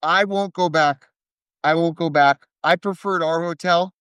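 Guy co-hosting a podcast, a bit high voiced, opinionated, trips over his words a lot. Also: fairly even intonation, measured pace, a bit bright, smooth, no room sound. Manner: opinionated, stumbling restarts. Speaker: podcast co-host. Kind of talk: casual chat.

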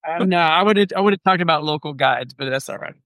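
Guy with a higher voice, kinda hesitant, stops and starts, dry close sound. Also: a bit bright, no room sound. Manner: hesitant, halting, full of fillers. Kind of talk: casual chat.

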